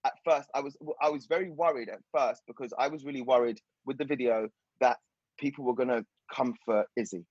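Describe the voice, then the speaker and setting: A man's voice: medium pitch, brisk, a little mellow, slightly rough, dry recording, dull audio. A man speaking hesitantly in a casual podcast panel discussion, restarting his sentences often. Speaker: podcast guest, poet.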